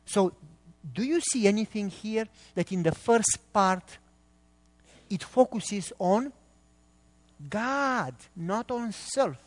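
Middle-aged male pastor, high voice, emphatic sermon delivery, long hall reverb. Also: takes it slowly, long pauses. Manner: emphatic, quizzes the congregation with questions.

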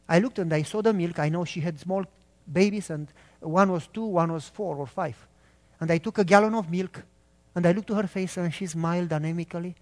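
Man, pastor, high voice, earnest animated sermon storytelling, long hall reverb.

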